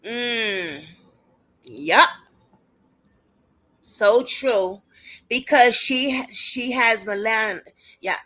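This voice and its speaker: Her voice is on the high side, pushed and bright, with drawn-out words and long pauses. A young woman with a Brooklyn accent, she hosts a casual advocacy livestream, naming viewers as she speaks in an emphatic, indignant way.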